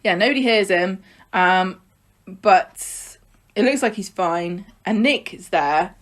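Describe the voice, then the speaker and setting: A woman's voice: medium pitch, animated. Woman co-host, casual chat, chatty and jokey, mid-range voice. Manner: chatty, jokey, with halting restarts. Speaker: podcast co-host. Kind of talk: casual chat recapping a soap.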